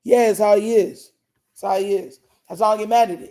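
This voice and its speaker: Young male live-stream host, high-pitched but mellow, monotone, slangy and repetitive. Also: fairly quick. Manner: emphatic, repeats phrases, slangy. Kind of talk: casual live reaction chat.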